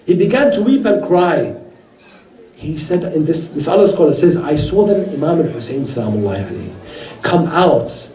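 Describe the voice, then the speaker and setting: A man giving a religious sermon to a gathering, telling stories earnestly and voicing the people in them. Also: fairly high pitch. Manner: earnest storyteller, quoting others in lively voices. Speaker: speaker at a mourning gathering. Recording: roomy hall heard from a distance.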